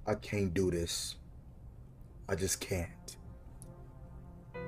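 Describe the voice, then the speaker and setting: Jittery low-voiced man playing a scary game. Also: flat delivery, extremely slow, pauses often, over music. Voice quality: profane, jumpy, talks to himself. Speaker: gaming streamer. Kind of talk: casual horror game commentary.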